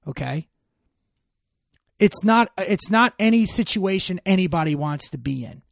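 A man with a gravelly, fry-heavy voice tells emphatic stories laced with profanity. He sits slightly high in pitch, and the sound is dry and close, with no room echo. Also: lively intonation, unhurried. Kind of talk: casual storytelling chat.

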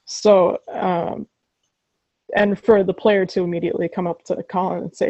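Female podcast co-host, gravelly and mellow, relaxed recounting. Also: fairly low pitch, unhurried, no echo. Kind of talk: casual chat.

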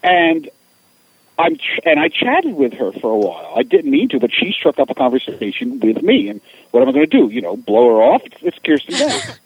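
A man's voice: on the high side, fairly quick, creaky, breathy edge, no echo, phone-quality sound. A middle-aged man telling funny stories as a guest, acting out other people's voices as he goes. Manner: animated, acts out voices in anecdotes. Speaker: guest, author. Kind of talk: casual storytelling.

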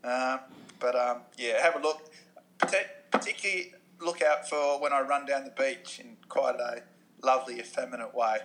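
A man's voice: mid-range voice, steady tone, normal speed, a bit bright, low-quality recording. A man co-hosting a podcast, talking casually and searching for words. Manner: chatty, hesitant, lots of restarts. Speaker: podcast co-host. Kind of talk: casual chat.

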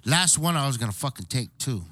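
This man talks fairly quickly at a medium pitch on an echo-free recording, swearing liberally as he recounts a story and acts out people's words.

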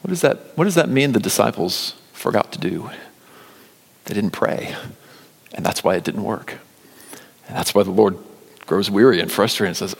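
A man preaches in a somewhat low voice, swinging from loud emphatic lines to hushed, almost whispered appeals. The sound rings out with the long reverb of a large church hall. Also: expressive, moderate pace, vocal fry, long pauses, slightly rough. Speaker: pastor. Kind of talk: sermon.

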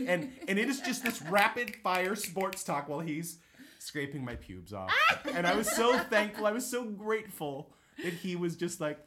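A man in his forties, a guest on a comedy talk show, telling a story with animated delivery and acting out the people in it. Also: on the high side, moderate pace. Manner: animated, acts out quoted people. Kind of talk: comic storytelling.

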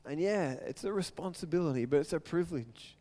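Animated and brisk, this pastor has a notably high yet mellow voice. He retells the story earnestly and with feeling in his sermon, weaving narration together with acted-out lines.

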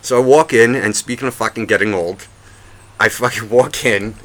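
A man's voice: lowish voice, normal speed. A man co-hosting a podcast, telling a rambling story full of swearing. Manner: profane, rambling, animated retelling. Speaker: podcast co-host. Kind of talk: casual storytelling.

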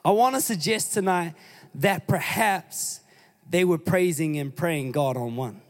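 A man's voice: on the high side, measured pace. A man preaching a sermon, reading scripture and urging his congregation on with emphatic exhortations. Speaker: pastor. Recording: long hall reverb.

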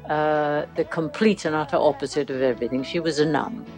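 A woman's voice: low voice, brisk, a little mellow, faint music behind. An older British woman, an actress guest, chatting through stories with many restarts. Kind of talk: casual interview chat.

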